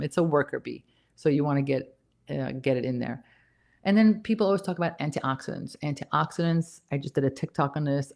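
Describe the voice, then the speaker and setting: A woman's voice: extremely low pitch, a little mellow. A woman nurse practitioner giving a casual health talk, emphatic and repeating key points, a little out of breath. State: slightly out of breath.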